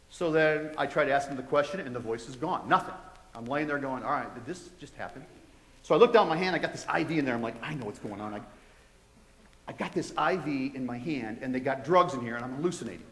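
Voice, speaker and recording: A man with an American accent tells his story to a crowd, his voice a little high for a man and full of quoted back-and-forth. He is heard in a big hall with a long, ringing echo. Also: fairly quick, pauses often, a little hiss or hum. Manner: storytelling with quoted dialogue, animated and conversational. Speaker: guest speaker giving testimony. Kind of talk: testimony told to a live audience. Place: large college hall. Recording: echoey hall with long reverb.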